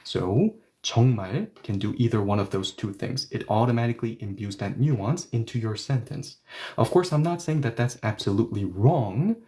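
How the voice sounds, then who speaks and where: A man's voice: fairly low pitch, brisk, mellow. A man teaching a language lesson, explaining emphatically and repeating words for stress.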